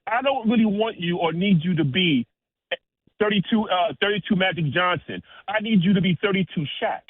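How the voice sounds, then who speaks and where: An excited caller rattles off his take in quick street slang. He is a man with a high voice, and the sound comes through a tinny phone line. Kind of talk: call-in sports talk.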